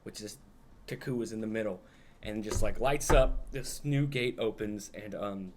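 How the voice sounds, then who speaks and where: A man's voice: on the low side, moderate pace, darkish tone, slight background noise. A young adult man, a podcast co-host, recapping a film in a rambling, casual way, peppered with "like" and swearing.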